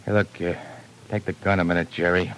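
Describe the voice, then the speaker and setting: A man's voice: low voice, fairly even intonation, fairly quick, fairly bright tone, a little hiss or hum, rough recording. An actor playing a blunt, tough hired gunman, in 1940s radio acting. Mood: gruff. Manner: blunt tough-guy talk. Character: gruff hired gunman, tough but wary.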